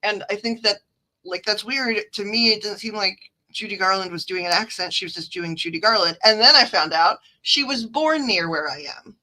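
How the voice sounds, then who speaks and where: A woman's voice: mid-range voice, moderate pace, pushed and bright, poor audio. A woman with a Midwestern accent, hosting a livestream as a card reader, chatty and digressive as she reads the chat aloud. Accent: Midwestern American. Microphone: phone.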